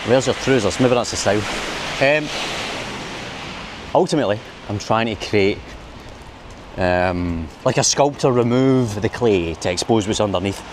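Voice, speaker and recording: A Glaswegian man talks to his camera while out on a night walk, rambling and laughing at his own jokes. His voice sits a little low. Faint city noise carries behind him. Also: lively intonation, unhurried. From Scotland. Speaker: vlogger. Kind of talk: casual walking vlog. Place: city streets at night in the rain.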